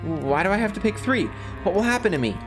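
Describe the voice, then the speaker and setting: A man's voice: on the high side, sing-song, normal speed, over music, voice pushed up. A man voicing a frightened young woman who pleads and panics in a game playthrough. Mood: pleading.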